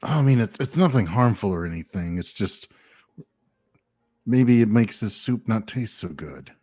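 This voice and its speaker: A man's voice: lowish voice, expressive, a little slow, a little mellow. A man narrating a tabletop game as game master, hesitant and full of fillers.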